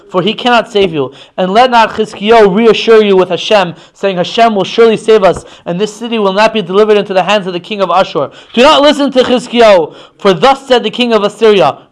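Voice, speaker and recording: A man reading out the lines of a taunting enemy envoy in a raised, forceful declaiming voice. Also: high voice, close to an everyday voice, low-quality recording. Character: taunting male enemy envoy, scornful and threatening.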